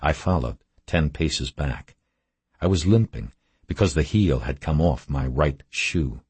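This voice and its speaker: A man reading a first-person story aloud in a terse, measured, low-key way. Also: lively intonation, a little mellow, slightly rough, no echo. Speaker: audiobook narrator. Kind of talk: scripted first-person narration.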